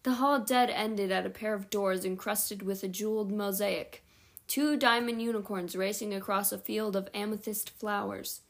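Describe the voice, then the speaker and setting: A woman's voice: medium pitch, fairly even intonation, moderate pace, creaky. A woman reading a novel aloud at home, with small slips and self-corrections along the way. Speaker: audiobook reader.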